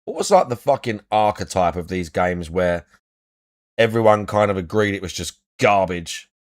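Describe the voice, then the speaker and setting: A man's voice: deep voice, animated, moderate pace, no echo. Young guy ranting on a podcast, swears a lot, repeats himself, voice jumps all over, dead dry room. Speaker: podcast co-host. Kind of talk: casual chat.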